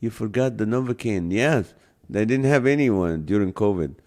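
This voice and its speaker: A man's voice: on the low side, lively intonation, moderate pace, darkish tone. Jokey man hosting a live stream. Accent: non-native English accent. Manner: jokey, laughs often, greets viewers by name. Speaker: live show host. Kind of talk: casual live-stream chat reading viewer comments.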